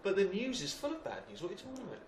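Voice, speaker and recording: Man, very fast talker, teasing questions, echoey room. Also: sits high, wildly swooping pitch, a loud crowd. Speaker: podcast co-host. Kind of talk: comic podcast banter.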